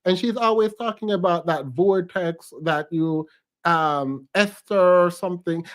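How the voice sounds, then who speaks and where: A man's voice: high voice, a little slow. A man giving casual, sassy reaction commentary on a clip. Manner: sassy, chatty, calls the speaker "girl".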